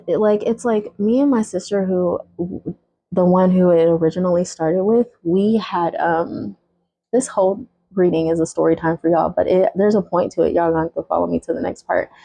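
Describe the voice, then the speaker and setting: A woman's voice: fairly low pitch, steady tone, normal speed, creaky, dark tone, poor audio. A woman in her thirties telling viewers a personal story time in a blunt, casual way, swearing freely as she talks to them directly.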